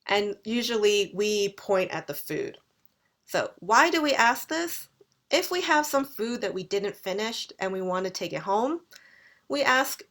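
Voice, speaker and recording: A young Canadian woman lecturing on everyday English, her voice sitting at an ordinary middle pitch. She speaks clearly and repeats practice phrases with deliberately exaggerated rises and falls, like a teacher modeling pronunciation for a class. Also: animated, fairly bright tone.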